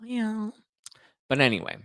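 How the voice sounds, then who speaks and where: A man's voice: high-pitched, huge pitch swings, unhurried, fairly bright tone, dry recording. A man hosting a podcast, chatting casually and with sass while recapping reality TV. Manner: chatty and sassy, acts out quotes. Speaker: podcast host.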